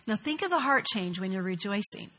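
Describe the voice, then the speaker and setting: A middle-aged woman teaching a women's Bible study, earnest and animated, acting out prayers as she goes. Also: mid-range voice, fairly quick, long reverb tail. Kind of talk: devotional teaching.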